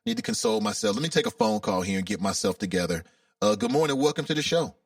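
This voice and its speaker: Lively chatty male radio host. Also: fairly low pitch, fast talker, no room sound, studio quality, distant mic. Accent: Cincinnati, Ohio. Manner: emotional, chatty, animated. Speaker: radio talk show host. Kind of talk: casual call-in talk show.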